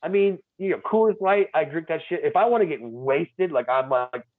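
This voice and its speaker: A man's voice: on the high side, lively intonation, normal speed, no echo. A man in a casual podcast chat, ranting in an exasperated, profane way. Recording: tinny phone-like line.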